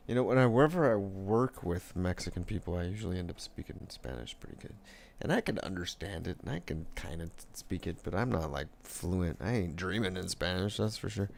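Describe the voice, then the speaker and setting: A man's voice: deep voice, creaky, slight background noise. A young man rambling casually while painting on a live stream, laid-back, swearing often and laughing a lot.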